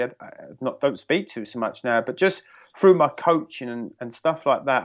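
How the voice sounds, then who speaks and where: An English man talks openly and thoughtfully as a podcast guest, often breaking off and restarting. His voice sits mid-range and comes over a dull, lo-fi remote line. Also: medium pitch. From England. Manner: candid, reflective, halting restarts. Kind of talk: podcast interview.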